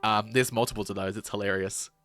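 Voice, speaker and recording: A man's voice: lowish voice, fairly even intonation, quick pace, fairly bright tone, soft background music. A man in his twenties with a New Zealand accent, chatting casually on a game stream, rambling and swearing often. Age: 20s.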